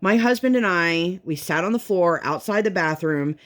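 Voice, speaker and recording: Venting mom with a lower voice. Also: female voice, normal speed. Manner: venting, animated storytelling with acted-out quotes. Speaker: vlogger and mother. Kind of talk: casual chat while crafting. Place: home.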